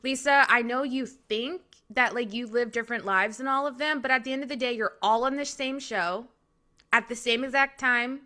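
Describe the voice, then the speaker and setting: Bubbly florida woman on a recap podcast, crisp bright voice, says like a lot. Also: on the high side, moderate pace. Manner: bubbly, laughing, frequent "like". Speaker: podcast co-host. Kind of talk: casual recap chat.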